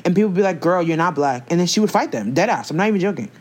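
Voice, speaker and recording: A young woman with a lowish voice that swings widely in pitch, riffing in casual chat. She talks in an animated, slangy way and tells her stories with plenty of expression. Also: rapid-fire, slightly rough.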